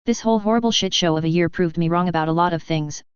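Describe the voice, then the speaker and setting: A woman narrating a fan fiction story in an even, unhurried reading voice. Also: on the low side, clear, resonant tone, no room sound. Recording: dull dry lo-fi audio.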